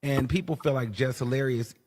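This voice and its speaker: A man's voice: medium pitch, brisk, a little mellow, big-room sound. A man talking through an online commentary video, hesitant with many fillers. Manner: hesitant, many ums and uhs.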